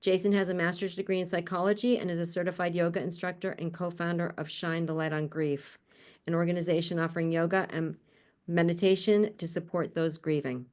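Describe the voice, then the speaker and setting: This conference host presents a panel of speakers on a video call, keeping things cheerful and conversational with frequent laughter. She has a fairly quick, somewhat low, slightly mellow voice with fairly even intonation.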